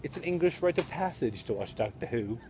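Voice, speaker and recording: A man's voice: medium pitch, animated, a little fast, noisy background. A young man in a grocery store, teasing his friends in a put-on British accent and laughing a lot. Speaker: gaming channel member. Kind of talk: joking chat while shopping.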